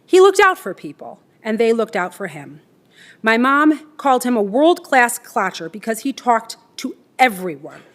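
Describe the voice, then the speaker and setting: A woman reads a eulogy for her father. Her delivery is tender and steady, with emotion running underneath it. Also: fairly high pitch, moderate pace. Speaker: daughter giving a eulogy. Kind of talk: read eulogy.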